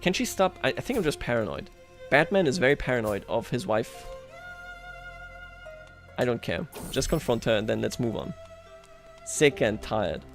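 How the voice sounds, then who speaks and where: Here he's again giving laid-back commentary on a strategy game to his chat, self-deprecating and laughing often. He speaks at a normal pace in a medium, animated voice with vocal fry, leaving long pauses over faint background music.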